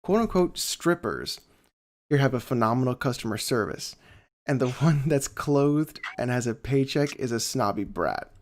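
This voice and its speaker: A man co-hosting a casual podcast, retelling stories in a wry, deadpan way. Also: medium pitch, normal speed. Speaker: podcast co-host and streamer.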